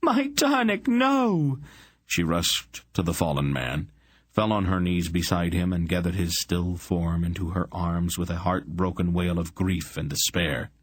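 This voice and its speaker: A man narrates a fantasy audiobook in a measured, dramatic way. His voice is very deep and husky, and his pace is unhurried. The sound is dry and close to the mic. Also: steady tone, no room sound. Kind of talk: scripted narration.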